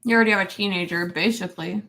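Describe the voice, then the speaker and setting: A woman's voice: medium pitch, steady tone, very fast, gravelly, bright, forceful tone, echoey room, slight background noise. A woman vlogger chatting at home, talking to and playfully scolding her dog in a doting, exasperated way. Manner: playful baby-talk scolding of a pet. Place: apartment room.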